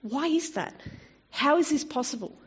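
A woman preaching a sermon in a conversational way, turning expressive when she quotes scripture. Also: high-pitched, moderate pace. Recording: dull lo-fi recording.

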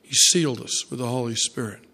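A man preaching a sermon, telling a story softly with fillers and restarts. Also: mid-range voice, slightly rough. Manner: storytelling, soft and halting with fillers.

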